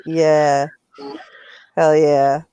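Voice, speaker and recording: Low-voiced laid-back woman chatting. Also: flat delivery, extremely slow, warm tone, smooth, no echo. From Canada. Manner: laid-back, short agreeing replies. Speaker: podcast co-host. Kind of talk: casual chat.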